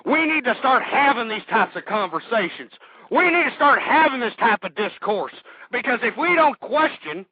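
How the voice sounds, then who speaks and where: A man rants on talk radio in a high voice, hostile and swearing as he goes. He sounds a little out of breath. The broadcast is dull and lo-fi, with a dry, close sound. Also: sing-song, normal speed, breathy edge, no room sound. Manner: hostile, ranting, swears often. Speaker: radio talk show host. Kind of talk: ranting talk radio monologue.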